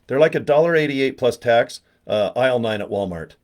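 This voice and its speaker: A man's voice: mid-range voice, expressive, a little fast, darkish tone. Guy rambling on his home livestream, jokey, teasing himself, talks to the chat by name. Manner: joking, rambling, self-mocking. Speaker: livestream host promoting products. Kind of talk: casual live chat.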